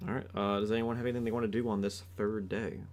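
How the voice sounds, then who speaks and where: A man running a tabletop game as game master, narrating slowly and dramatically, with hesitant asides. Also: lowish voice, flat delivery, a little mellow.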